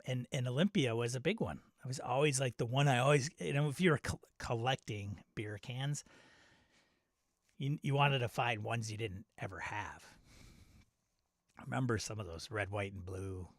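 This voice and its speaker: A man's voice: mid-range voice, no echo, clean studio sound. A middle-aged man from Wisconsin hosting a casual live-stream chat, rambling and nostalgic, often laughing at himself. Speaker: channel host.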